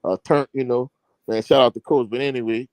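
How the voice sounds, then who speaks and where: A man, a high school coach, telling a long sports anecdote in casual chat with slang and many fillers. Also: steady tone, fairly quick, a little mellow, no room sound. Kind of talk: casual podcast storytelling.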